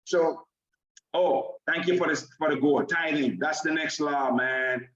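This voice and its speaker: Energetic man hosting an online class. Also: fairly high pitch, measured pace. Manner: repetitive, asks "right?" after nearly every phrase; energetic, addresses the audience and the chat directly. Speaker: online class host and coach. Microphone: video call. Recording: dull, echoey video call audio.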